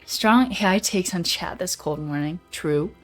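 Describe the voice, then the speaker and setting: A young woman hosts a livestream in casual, easygoing chat, reading out viewer comments and riffing on them playfully. Her voice sits a little on the low side. Faint music plays quietly behind her. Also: unhurried. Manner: chatty, laid-back, quotes AI voices playfully. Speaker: livestream host.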